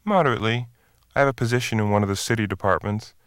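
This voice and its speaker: A man reading the part of a tall plainclothes officer who speaks in a calm, firm, controlled way. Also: on the low side, racing, smooth, no echo, studio quality, close to an everyday voice.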